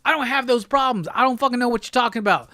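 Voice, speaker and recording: A man's voice: very high-pitched, very fast, pushed and bright, no echo. A man hosting a live pop-culture stream, ranting with lots of profanity and exasperation. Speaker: host.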